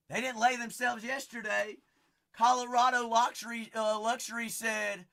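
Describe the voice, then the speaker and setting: A man's voice: high-pitched, moderate pace, sharp tone. A young man with a Southern Kentucky twang, hosting a live card-break stream with folksy, hyped sales banter.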